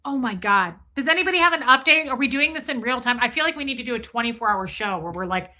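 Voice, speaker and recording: Middle-aged woman streamer, brash and animated, bright cutting tone. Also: on the high side, quick pace. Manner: profane, animated, acts out quotes. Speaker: livestream host. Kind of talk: gossip commentary livestream.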